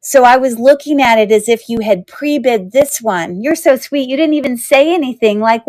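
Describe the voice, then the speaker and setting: A young adult woman hosting a live online jewelry auction, talking in a chatty, rambling way with lots of fillers and quick self-corrections. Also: on the high side, darkish tone, dry recording. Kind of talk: casual live-selling chat.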